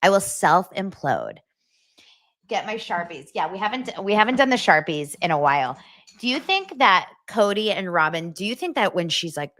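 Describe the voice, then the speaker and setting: A young adult woman dishes celebrity gossip in a casual, over-the-top way, her rather low voice swinging up and down with lively pitch. Her reactions are big and dramatic. The sound is close and dry, with no room echo. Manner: gushing, dramatic, exaggerated reactions. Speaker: celebrity gossip show host.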